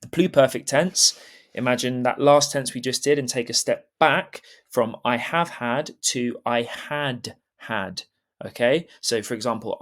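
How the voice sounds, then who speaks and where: A man teaching an online Spanish lesson, explaining step by step with clear, careful pronunciation and often checking in with "okay?". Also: mid-range voice, a bit bright. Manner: switches between English and carefully pronounced Spanish.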